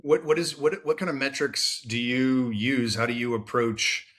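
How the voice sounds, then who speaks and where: A man's voice: medium pitch, fairly even intonation, normal speed, a bit bright. A man in his thirties hosting a podcast interview, chatty and casual, with frequent "right?" and "like". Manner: chatty, friendly, many fillers like "right?" and "like". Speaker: podcast host.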